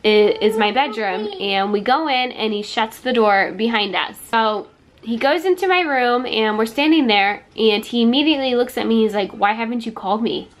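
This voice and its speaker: A woman talks to her viewers in a casual storytime vlog. Her retelling is chatty and quick. She slips into other people's quoted words as she goes. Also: fairly high pitch, slight background noise. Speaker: vlogger.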